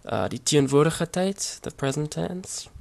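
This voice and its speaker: A man explaining grammar over his slides in a relaxed, hesitant way, with many fillers and restarts. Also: on the high side, moderate pace, gravelly. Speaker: language teacher. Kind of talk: casual slide-based language lesson.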